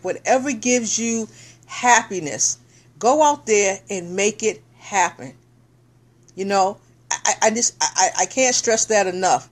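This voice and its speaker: A middle-aged woman speaking at an ordinary mid-range pitch, live-streaming to her viewers. She talks in an excited, animated way, giving fired-up encouragement.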